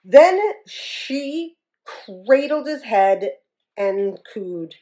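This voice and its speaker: A woman reading a children's story aloud in an expressive, animated way. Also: mid-range voice, slow, poor audio.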